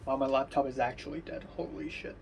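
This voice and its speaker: A man's voice: mid-range voice, fairly even intonation, quick pace, vocal fry, a little mellow, slight background noise. A young man chatting casually for a vlog. He rambles, stops often to restart, and swears in passing. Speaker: vlogger.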